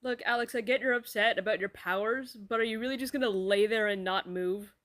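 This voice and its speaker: A woman performing a comedy sketch, voicing several characters in sarcastic, deadpan banter with casual swearing. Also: mid-range voice, brisk.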